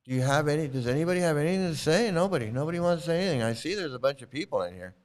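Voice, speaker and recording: A man's voice: a little high, lively intonation, rapid-fire, a little mellow. A man hosting a livestream, talking straight to his chat in a combative, repetitive way. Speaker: livestream host. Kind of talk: livestream commentary, answering chat.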